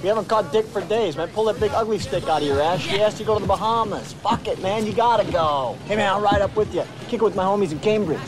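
An actor plays a brash young dockworker buddy in a film clip, crude and pushy, talking fast in a high voice. Crowd noise is clearly heard behind him. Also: male voice, natural voice. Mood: egging on.

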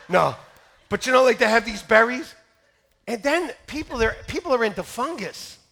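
A very high-pitched man preaching to his church with a bright, gravelly edge to his voice. He tells funny stories with wide swings in pitch and often bursts into loud shouts. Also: very animated, moderate pace. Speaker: pastor. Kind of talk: comic storytelling sermon. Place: church service.

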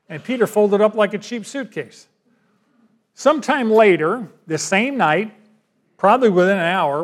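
A male pastor delivering a sermon. He talks in a folksy, conversational way, and his voice sits fairly high. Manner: folksy, conversational preaching with acted asides.

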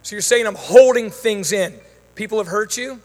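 A man whose voice sits high talks at a normal speed, preaching and praying before a congregation in a church hall. The big space gives a long reverb as he moves through sermon, prayer, and Q&A, commanding and fervent in prayer, chatty in asides.

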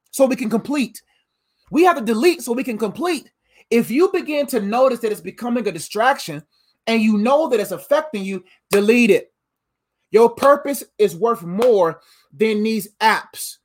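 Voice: medium pitch, animated, moderate pace. A pastor giving a conversational livestreamed sermon, repeating key lines and adding playful asides.

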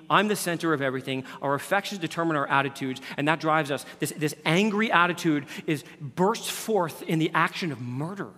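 A man preaching a sermon as pastor, swinging from loud emphatic lines down to hushed near-whispers. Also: on the high side, a little fast, few pauses. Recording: reverberant hall.

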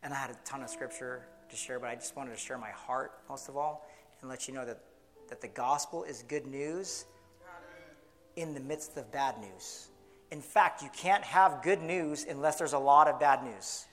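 A man preaching in church, earnest, often restarting, slowing down to stress key words. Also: mid-range voice, fairly bright tone, soft background music. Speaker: pastor. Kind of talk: sermon.

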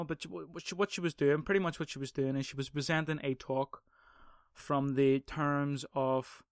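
A man's voice: a little high, fairly even intonation, normal speed, smooth, no room sound, clean studio sound. Sweary man, rambling podcast. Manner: profane, rambling, sarcastic. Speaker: podcast host. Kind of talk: casual solo podcast rant.

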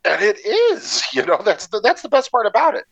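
A man's voice: high voice, brisk, vocal fry, no room sound, rough recording. A man co-hosting a podcast, casually recounting behind-the-scenes film trivia with sarcastic asides. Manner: animated storyteller, sarcastic asides. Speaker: podcast co-host.

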